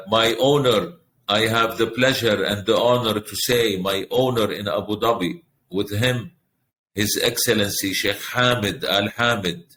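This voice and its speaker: A man's voice: lowish voice, fairly bright tone. A middle-aged man, a hotel group president, answering in a podcast interview with earnest, repetitive, speech-like phrasing.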